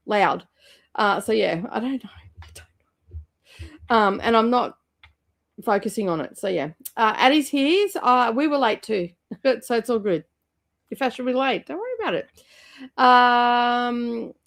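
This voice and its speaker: A young woman hosts a casual book club livestream, reading out viewer comments in a chatty, rambling way. She laughs and says um a lot, and her voice is a little high.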